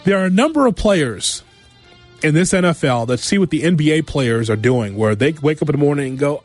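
A man hosting a sports talk radio show, giving an animated monologue full of rhetorical questions and repeated phrases. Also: on the high side, normal speed, soft background music. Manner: animated, rhetorical, repeats himself, acts out quotes.

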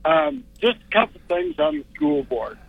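A man's voice: very high voice, animated, normal speed, creaky, no room sound. A man calling in to a radio show, speaking politely and plainly. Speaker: caller. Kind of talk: phone-in call. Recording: tinny phone line.

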